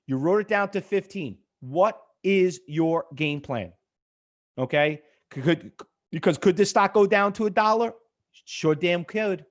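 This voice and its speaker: A man teaching a live trading webinar, blunt and pushy with viewers, rambling with many fillers. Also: high voice. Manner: rambling, chatty, full of fillers. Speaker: trading educator.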